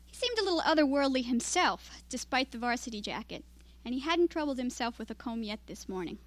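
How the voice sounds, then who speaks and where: High-voiced woman reading her story aloud. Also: lively intonation, a little fast. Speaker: writer reading her work. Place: literary reading event.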